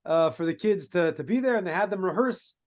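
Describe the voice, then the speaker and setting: A man, a rabbi, telling a story in a sermon, halting with many restarts and using Hebrew and Yiddish terms. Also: sits high, expressive. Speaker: rabbi giving a talk.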